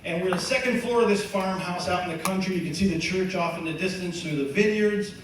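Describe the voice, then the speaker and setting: A man giving a testimony, telling his story in a lively, conversational way, laughing often and using many fillers. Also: high-pitched, quick pace. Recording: echoey hall from far off, faint noise.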